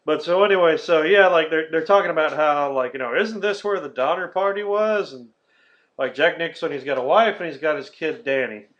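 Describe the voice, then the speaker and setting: A man hosting a podcast in casual chat, swearing often as he retells a film with animated energy. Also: fairly high pitch, fairly quick, muffled recording. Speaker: podcast host.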